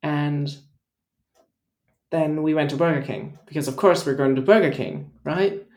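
A man's voice: a little high, a little slow. German man with an American-sounding accent, roomy sound. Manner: rambling, filler-heavy, deadpan. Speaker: podcast co-host. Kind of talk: casual chat, story time.

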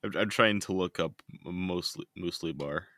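A man's voice: low voice, normal speed, sharp tone, no room sound, clean studio sound. A man co-hosting a podcast in casual chat, laid-back and sweary, laughing often. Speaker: podcast co-host.

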